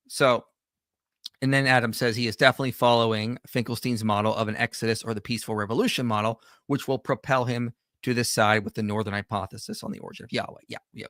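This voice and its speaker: A man's voice: lowish voice, a bit bright, no room sound, studio quality. A man hosting a livestream, giving conversational reaction commentary with frequent restarts and self-corrections. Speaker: host.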